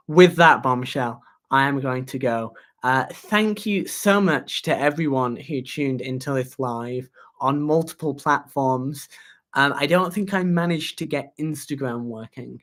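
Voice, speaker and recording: A young adult hosting a casual livestream as a student union candidate, talking in a halting way with fillers and idle humming. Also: mid-range voice, a bit bright. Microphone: webcam or phone on a livestream.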